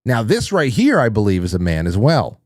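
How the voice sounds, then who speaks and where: A man's voice: fairly low pitch, huge pitch swings, brisk, a little mellow, dry recording, studio quality. A man hosting a casual livestream, reading viewer messages aloud and rambling through his thoughts with fillers and restarts. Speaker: talk show host reading chat messages.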